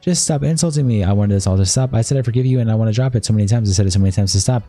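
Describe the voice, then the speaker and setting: A man streaming live, reading a long chat argument aloud in a rapid, flat read-through. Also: fairly low pitch, no echo, soft background music.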